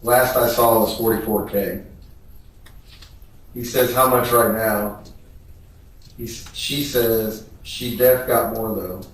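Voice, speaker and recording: A man testifying in court, reading text messages aloud in a measured, flat way. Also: fairly low pitch. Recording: echoey room, voice picked up from a distance.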